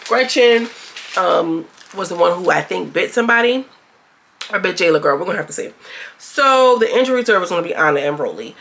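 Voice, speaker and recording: A woman's voice: lowish voice, lively intonation, a little fast, gravelly, a bit bright. A young woman chatting casually as she recaps a reality TV episode, candid and swearing freely, acting out lines from the cast.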